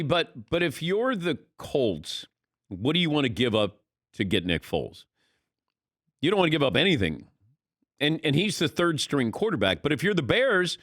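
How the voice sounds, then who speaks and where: A male sports radio host talks football in a studio. His pitch swings widely as he makes wry points, and the studio mic gives a dry, close sound. He keeps the talk moving and calls on his co-hosts. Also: a bit bright, no room sound. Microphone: studio microphone.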